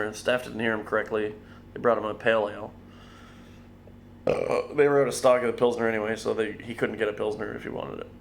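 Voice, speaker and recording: Gravelly, bright-voiced beer-review guy. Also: mid-range voice, slight background noise. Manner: wry, blunt, swears casually. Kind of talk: casual vlog review.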